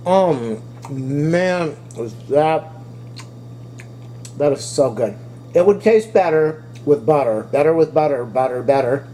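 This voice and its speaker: A man with a mellow, somewhat high voice talks to his viewers in a casual home cooking vlog. He chats along loosely, even speaking to his dog between bites. A faint hum of noise sits behind him in his kitchen. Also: slow. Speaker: cooking vlogger.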